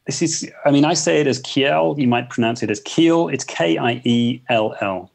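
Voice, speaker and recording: A man's voice: mid-range voice, brisk, gravelly. A man, a photographer guest talking thoughtfully in a casual interview, with frequent restarts. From England. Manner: thoughtful, hesitant, many restarts.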